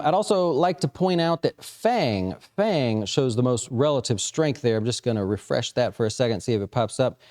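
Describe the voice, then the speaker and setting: Man, market-commentary host, mellow tone, casual and rambling, lots of uhs, mid pitch. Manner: conversational, frequent fillers and restarts. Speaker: investment firm host.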